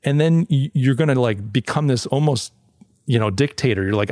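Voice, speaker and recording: A man's voice: medium pitch, moderate pace, warm tone, no room sound, clean studio sound. A man hosting a solo talk show, reviewing a paper in a loose conversational way, often restarting sentences and acting out what people say. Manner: conversational, restarts often, acts out quoted voices. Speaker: podcast host.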